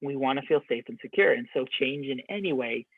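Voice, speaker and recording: A man's voice: mid-range voice, lively intonation, quick pace, husky, no room sound. A man in a casual podcast conversation, talking in a reflective, rambling way with many restarts. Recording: dry, phone-like narrow sound.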